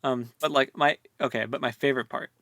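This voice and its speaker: A man's voice: mid-range voice, fairly even intonation, a little fast, a bit bright, no echo. A man co-hosting a podcast, chatting casually and rambling about a book, laughing often. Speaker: podcast co-host.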